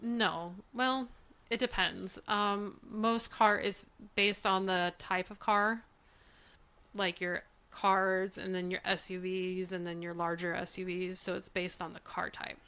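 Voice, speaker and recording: A woman's voice: lowish voice, takes it slowly, clean tone. A woman co-hosting a podcast, chatting casually and laughing easily while explaining hotel and car bookings. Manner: relaxed, laughs often, explains from her booking job. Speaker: podcast co-host. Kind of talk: casual chat.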